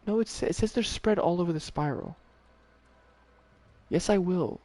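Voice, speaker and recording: A man streaming a video game, talking casually to himself and to the characters on screen, swearing often and getting worked up quickly. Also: high-pitched, darkish tone, no room sound. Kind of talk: casual gameplay commentary.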